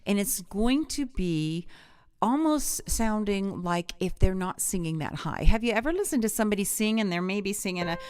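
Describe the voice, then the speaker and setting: A woman's voice: mid-range voice, animated, moderate pace, clear, resonant tone. A middle-aged woman voice coach teaching a live singing lesson, chatty and enthusiastic, drifting off on little tangents. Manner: chatty, digressive, warmly enthusiastic.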